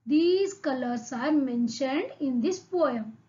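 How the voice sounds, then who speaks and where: A woman's voice: high voice, animated, takes it slowly, dark tone, highs cut off. A woman with an Indian English accent teaching an online English lesson to young children. She repeats words one by one and keeps asking the class questions. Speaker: primary school English teacher.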